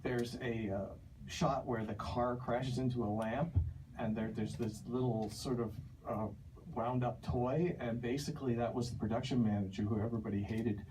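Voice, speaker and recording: A man's voice: medium pitch, steady tone, moderate pace. Man panelist, hesitant, chuckles, distant mic, background noise. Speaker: animator on a panel. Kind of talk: panel reminiscence. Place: panel talk before an audience.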